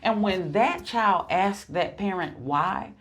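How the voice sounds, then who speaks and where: Low-pitched woman preaching in a chat. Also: lively intonation, normal speed. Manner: repetitive, emphatic, preacher-like cadence. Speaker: podcast co-host. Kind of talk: preaching-style faith chat.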